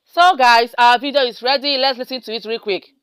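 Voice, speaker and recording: A woman's voice: fairly high pitch, steady tone, fairly quick, a bit bright, clean tone, no room sound, studio quality. A woman hosting a step-by-step screen tutorial, often checking in with her viewers. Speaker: tutorial host. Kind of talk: screen-recorded software tutorial.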